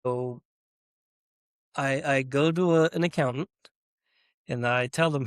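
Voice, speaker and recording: A man who runs a small business, telling his story in a casual podcast interview, animated and chuckling as he acts out dialogue. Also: mid-range voice, slow pace, smooth, no room sound, clean studio sound.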